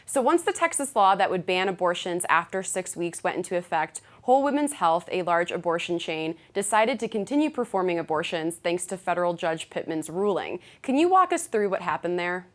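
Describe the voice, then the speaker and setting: A woman hosts the interview and asks prepared questions in a conversational tone. Her voice sits a little low for a woman. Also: very animated, brisk, hardly any pauses. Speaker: interviewer host.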